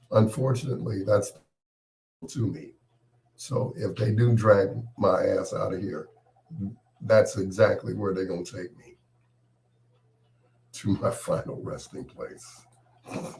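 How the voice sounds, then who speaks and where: A male late-night radio host with a cold, his voice a little stuffed up. He talks slowly in a lowish register, joking around and teasing listeners by name in a loose, laid-back way. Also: gravelly, a little mellow, slight background noise. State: has a cold, congested voice.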